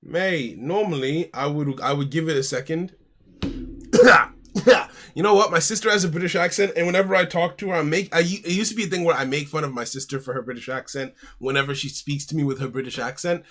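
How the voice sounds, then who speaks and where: A man's voice: fairly high pitch, brisk, fairly bright tone. An American man streaming from home, chatting casually and talking his card game moves through aloud, calling people "mate". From United States. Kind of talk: casual live-stream chat and game commentary.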